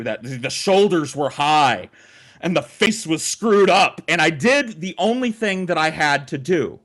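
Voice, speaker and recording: A man co-hosting a podcast, telling a long story in a casual, profane way with lots of swearing. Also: fairly high pitch. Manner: profane, animated, swears often.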